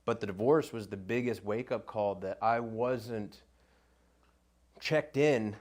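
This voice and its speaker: A man on a podcast telling a story in a rambling casual way, getting animated when he quotes himself. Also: on the low side, takes it slowly.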